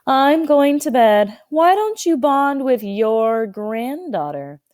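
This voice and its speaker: Bored tired mother, voiced by a woman, flat teen-like boredom, storybook. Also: high-pitched, slow, pitched above the performer's own voice. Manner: bored, like a teenager.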